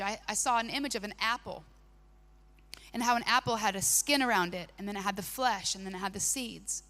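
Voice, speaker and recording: A woman's voice: a little high, sharp tone, long reverb tail. A mother speaking to a congregation in a chatty, conversational way with asides. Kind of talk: sermon.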